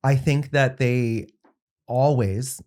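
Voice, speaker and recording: Guest: a reflective man who speaks with halting restarts as he searches for words. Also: medium pitch, darkish tone. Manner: thoughtful, halting with many restarts. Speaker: podcast guest, makeup artist. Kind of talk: reflective podcast conversation.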